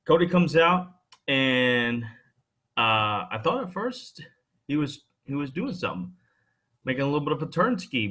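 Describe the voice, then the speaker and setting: Bright-voiced, playful podcast host man. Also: medium pitch. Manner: loud, playful and teasing, with loose slang. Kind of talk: casual wrestling podcast chat.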